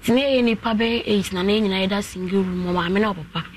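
A woman calling into a radio show, telling her life story in a soft, steady voice. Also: medium pitch, quick pace, slight background noise. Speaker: caller.

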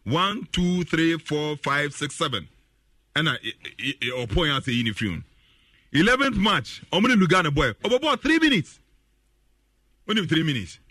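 Ghanaian man, high voice, husky, dry close sound, animated football rant, repeats himself. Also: moderate pace, no room sound. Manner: laughs often, repeats phrases for emphasis. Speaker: football commentator. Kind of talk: animated sports talk in Twi and English.

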